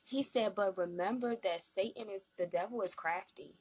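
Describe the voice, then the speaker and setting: A woman hosting a live-stream talk show, animated and slangy, often acting out what other people said. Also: mid-range voice, moderate pace, breathy edge. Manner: animated, slangy, acts out quoted voices.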